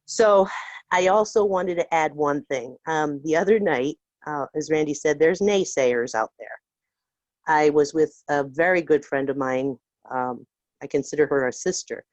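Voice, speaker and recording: An older woman, a grandmother, calls in to a casual group call and speaks in a heartfelt, earnest way. Her low voice is unhurried and a little mellow, heard with no echo over dull lo-fi call audio.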